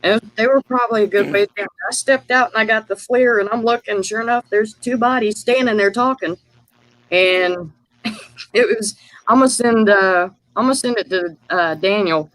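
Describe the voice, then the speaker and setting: Brief: man with a high voice, guest on a live call, loose and rambling. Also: moderate pace, fairly bright tone, dry recording, rough recording. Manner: rambling, many fillers and restarts. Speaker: guest sharing field experiences. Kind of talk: casual storytelling on a live call.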